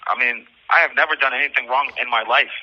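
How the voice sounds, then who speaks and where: On a recorded jail phone call, a male inmate gives an emotional account of his own story, agitated and rambling and swearing throughout. His voice is medium in pitch with fairly even intonation, and he talks fast.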